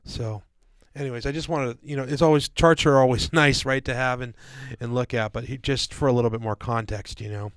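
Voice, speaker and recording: A man's voice: mid-range voice, fairly even intonation, brisk, hardly any pauses, smooth, no echo. A man co-hosting a casual podcast discussion, talking in a rambling way with many fillers and restarts. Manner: casual, calls listeners "guys" and "dude". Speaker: podcast co-host.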